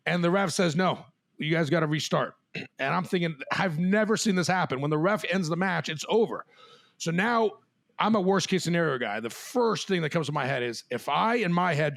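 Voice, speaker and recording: A man hosting a podcast, animated and laughing as he tells a long story among friends. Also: high voice, vocal fry. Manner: animated, swears, laughs while telling stories. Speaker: podcast host. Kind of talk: storytelling in casual chat.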